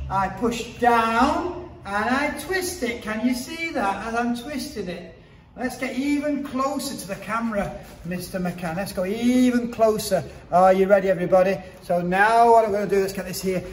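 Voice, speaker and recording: High-voiced man leading a kids' class. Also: a little hiss or hum. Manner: upbeat and playful, counting drills and joking. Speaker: martial arts instructor. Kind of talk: teaching a children's martial arts class to camera. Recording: echoey hall, far from the mic.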